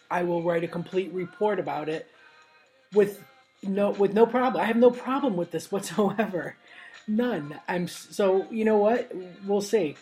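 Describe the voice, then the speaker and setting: A woman with a slightly low voice hosts a casual internet radio show. She rambles from one thought to the next, cracking jokes at her own expense. Faint music plays behind her. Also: darkish tone. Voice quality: rambling, joking, self-mocking. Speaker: podcast host. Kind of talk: casual chat.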